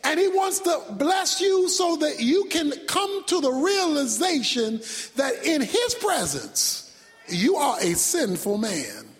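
A man preaching a sermon with dramatic delivery, shouting one moment and dropping low the next. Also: big pitch swings, takes it slowly. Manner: dramatic, shouting, sudden drops to near whisper. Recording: long hall reverb.

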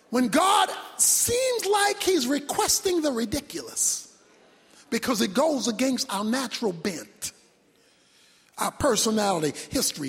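A man preaching a sermon as pastor, swinging from loud shouts down to near-whispers. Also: very high-pitched. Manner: preaching with sudden shouts and drops to a hush. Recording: long hall reverb.

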